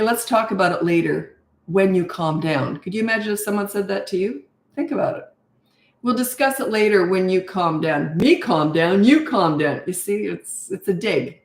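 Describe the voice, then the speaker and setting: A woman's voice: lowish voice, creaky, roomy sound. A middle-aged woman coaching parents in a live Q&A, giving blunt, no-nonsense advice with rhetorical questions. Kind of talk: live Q&A, answering viewer questions.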